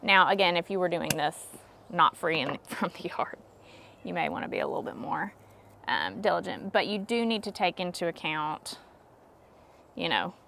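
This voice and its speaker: A woman's voice: fairly low pitch, expressive, normal speed, creaky, fairly bright tone, a little hiss or hum. Chatty woman crafting at home. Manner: chatty, self-deprecating, jokey. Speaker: craft vlogger. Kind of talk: casual how-to narration. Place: home indoors.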